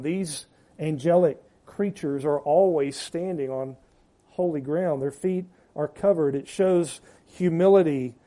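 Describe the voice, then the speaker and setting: A man delivers a sermon with a high-pitched but warm, dark-toned voice. He leans hard into repeated words for emphasis, then lets his phrase endings sink low and quiet. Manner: preaching with rising emphasis and trailing drops at phrase ends. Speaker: pastor.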